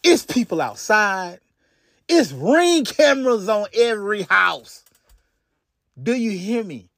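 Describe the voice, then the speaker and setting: High, lively man telling a crime story. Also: slow pace, no room sound, studio quality. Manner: profane, animated, many restarts and asides. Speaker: podcast host. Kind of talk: casual true-crime storytelling.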